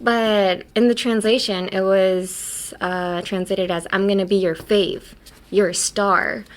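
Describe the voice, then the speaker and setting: A woman hosts a podcast teaching English pronunciation in a casual, playful way, explaining with silly examples and laughing often. Her voice is medium-pitched with fairly even intonation, and she takes it slowly.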